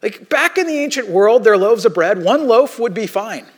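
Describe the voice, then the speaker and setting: A high-pitched man speaking at a moderate pace preaches a sermon; he's a pastor in his thirties. He narrates stories in a chatty, animated way, voicing the people in them, and keeps restarting mid-sentence.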